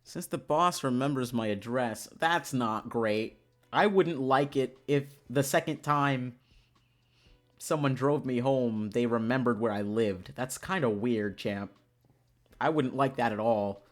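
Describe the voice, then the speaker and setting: A game streamer reacting loudly and excitably to a visual novel, swearing often. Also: mid-range voice, measured pace, faint music behind.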